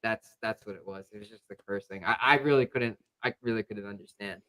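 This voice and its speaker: Brisk and forceful, a young man hosting a podcast rambles through a sports story in casual, filler-heavy chat. His voice is fairly low-pitched with a bright tone.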